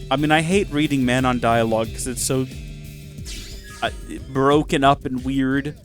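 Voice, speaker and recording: A man's voice: medium pitch, animated, measured pace, pauses often, soft background music. A man casually commenting on a video game with wry, chatty asides. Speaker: let's play host.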